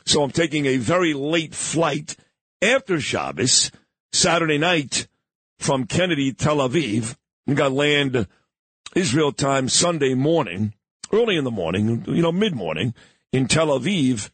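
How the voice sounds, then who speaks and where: Male morning radio host, husky, lively, dry close mic. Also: medium pitch, measured pace, no room sound. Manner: chatty, joking, coughing at times. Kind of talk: casual morning radio talk.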